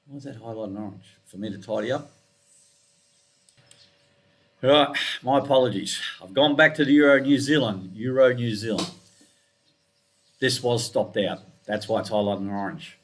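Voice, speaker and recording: A man's voice: mid-range voice, a little fast. A man walking through trading charts in a casual screencast, rambling and correcting himself, with muttered asides. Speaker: forex trading analyst.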